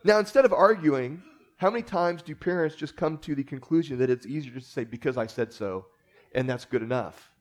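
A man's voice: a little high, fairly quick. A man preaching a sermon in a conversational way, opening with a joke and using many fillers as he teaches. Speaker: pastor.

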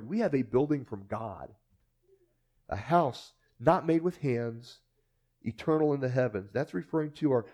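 A man preaching a sermon with animated delivery, acting out the voices of people he quotes and often repeating words. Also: medium pitch. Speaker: pastor.

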